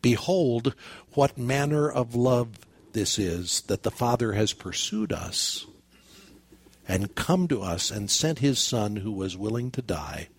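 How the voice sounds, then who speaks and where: Older man preaching a husky sermon. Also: mid-range voice, no echo. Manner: storytelling, with quoted dialogue and repeated phrases. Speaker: pastor.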